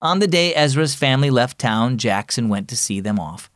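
A man's voice: mid-range voice, lively intonation, moderate pace, no room sound, studio quality. A man hosting a children's devotional program, reading scripted narration in an encouraging storyteller's way.

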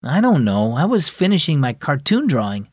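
A man voicing an eager, excitable young boy in a children's audio story, with a raised, wide-eyed delivery. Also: medium pitch, moderate pace, no echo, clean studio sound. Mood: puzzled. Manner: excited, wondering.

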